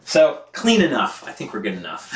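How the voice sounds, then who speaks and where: A man's voice: on the high side, reverberant, slight background noise. A man chatting casually on a live stream, laughing often and reading out viewer comments while cleaning his bike. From United States.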